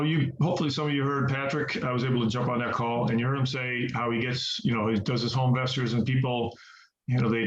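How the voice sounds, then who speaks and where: A man leading a real estate investing training on a group call. He talks in a folksy, chatty way, repeats words for emphasis and calls his listeners guys. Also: medium pitch. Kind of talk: conversational teaching on a group call. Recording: roomy, muffled call audio with faint hiss.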